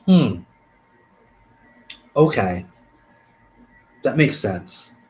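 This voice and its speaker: A man hosting a stream, reading a case aloud and thinking out loud between passages, trailing off and restarting. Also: mid-range voice, lively intonation, extremely slow, low-quality recording. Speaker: host.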